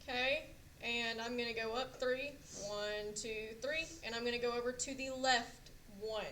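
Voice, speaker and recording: Woman teacher, bright voice, quizzing the class, echoey classroom, faint hiss. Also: on the high side, fairly even intonation, normal speed. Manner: quizzing students with frequent "okay?" check-ins. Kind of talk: classroom math lesson.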